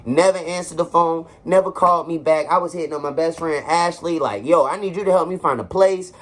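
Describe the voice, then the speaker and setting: Young man, fairly high voice, earnest vlogger preaching self-growth straight to camera from home. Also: brisk. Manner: earnest, preachy, conversational, addresses viewers directly. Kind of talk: heartfelt motivational monologue. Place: his apartment.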